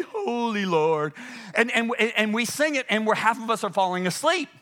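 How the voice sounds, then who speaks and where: A male preacher delivering a sermon, swinging between loud urgent peaks and hushed, low passages.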